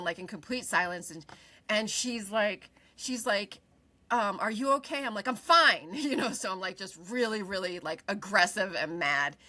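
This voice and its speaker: A woman in her forties, a podcast co-host, telling a personal story in casual chat, animated, laughing often and swearing freely. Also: medium pitch.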